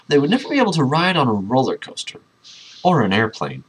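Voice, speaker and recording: A man's voice: mid-range voice, huge pitch swings, fast talker, a bit bright, slightly rough. A man reading a book aloud and breaking off into sarcastic, mocking commentary between passages. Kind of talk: casual dramatic reading with commentary.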